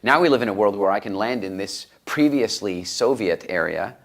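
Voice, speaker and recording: A middle-aged man with a slightly low voice, speaking in a relaxed interview. He tells stories in a lively way and his pitch jumps high whenever he quotes someone. The delivery is conversational and keeps moving. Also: normal speed, vocal fry. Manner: animated, rises in pitch when quoting others. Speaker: interview guest, speaker and coach.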